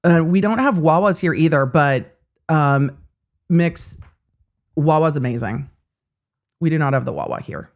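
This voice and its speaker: A middle-aged woman hosting a casual livestream of legal commentary. She chats with her viewers, swears freely and breaks into animated asides. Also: sits low, unhurried, pauses often. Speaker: host.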